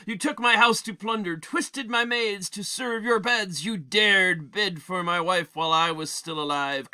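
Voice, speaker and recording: A man's voice: high-pitched, pushed and bright, voice pushed up, heavily acted. A man growling as a grim vengeful warrior-king. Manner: slow, gravely emphatic, western-hero delivery.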